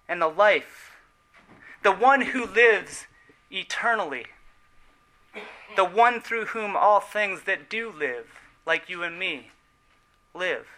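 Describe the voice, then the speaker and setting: A man preaches a sermon in a high voice that is strikingly bright and forceful. His delivery is earnest and emphatic, slowing down on key words, and his phrases trail off softly at the end. The audio quality is poor.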